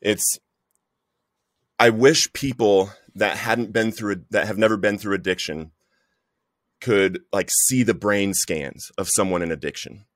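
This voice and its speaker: A man's voice: lowish voice, a little slow, a bit bright, dry recording, clean studio sound. A man giving an earnest, emotional personal testimony in conversation, often calling the listener "bro". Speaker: guest sharing recovery story.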